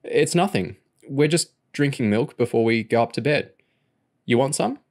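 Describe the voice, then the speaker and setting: A man's voice: mid-range voice, lively intonation, moderate pace, a little mellow, pitched above the performer's own voice. A man voicing an earnest, uneasy teenage boy in a storybook reading. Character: awkward teenage boy, touchy and unsure.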